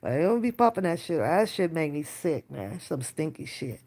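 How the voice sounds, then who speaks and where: Animated, swearing woman livestreamer. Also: sits low, normal speed. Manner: animated, swearing, slangy, talks to chat directly. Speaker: reaction channel host. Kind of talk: casual live-stream chat.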